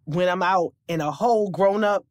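A woman in her forties co-hosting a casual chat, animated and theatrical. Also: fairly low pitch, moderate pace, dry recording, clean studio sound. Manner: animated, theatrical, acts out quotes.

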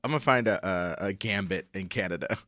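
Man co-host, very deep voice, dry sound, relaxed joking chat. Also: a little fast, no room sound. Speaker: podcast co-host. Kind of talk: casual chat.

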